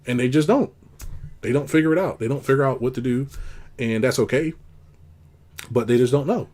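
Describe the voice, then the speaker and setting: A man hosting a casual monologue, rambling and blunt, acting out quoted lines in a high put-on voice. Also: a little fast, darkish tone. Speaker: host.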